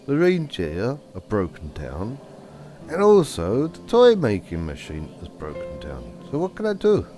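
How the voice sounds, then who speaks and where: A man's voice: on the low side, huge pitch swings, measured pace, dark tone, faint music behind. A man voicing Father Christmas as a puzzled, earnest old man asking for help. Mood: worried. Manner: earnest, questioning.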